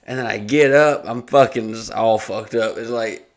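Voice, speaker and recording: A man's voice: lowish voice, moderate pace. A young adult man hosting a podcast, casually telling a rambling, profane story full of fillers. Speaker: podcast host.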